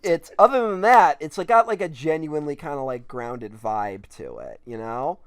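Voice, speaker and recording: A man co-hosting a casual film podcast, animated and laughing often, his speech full of "like" fillers. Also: a little high, moderate pace, smooth, no room sound. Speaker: podcast co-host.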